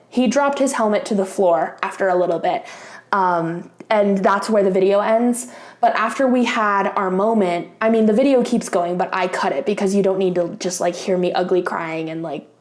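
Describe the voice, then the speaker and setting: A young woman tells a story to her camera in a loose, chatty way, full of fillers and casual swearing. Her voice sits a little high, and the room around her has a noticeable echo. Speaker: craft vlogger.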